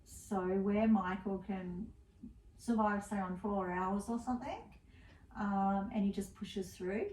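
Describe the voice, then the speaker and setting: A woman's voice: mid-range voice, slow, a little mellow. A middle-aged woman co-hosting a casual podcast chat, telling rambling stories about her day with a laugh here and there. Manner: chatty, rambling storyteller with frequent laughs. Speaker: podcast co-host. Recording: roomy, distant mic with faint background hiss.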